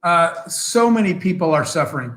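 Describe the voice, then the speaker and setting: A man, a guest entrepreneur, telling motivational stories in an interview in an animated, quick way. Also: on the high side, rough recording. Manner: animated, fast storyteller with bursts of laughter.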